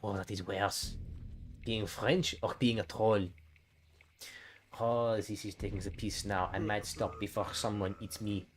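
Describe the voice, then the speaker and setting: A man's voice: on the low side, level tone, unhurried. A man giving sarcastic, exasperated running commentary while streaming a game. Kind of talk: live gameplay commentary.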